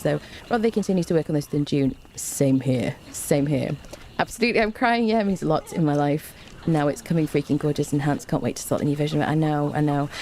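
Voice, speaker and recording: A woman streaming live, reading her chat aloud in an excited, gushing, chatty way and greeting viewers by name. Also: low-pitched, slight background noise. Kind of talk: excited casual livestream chat.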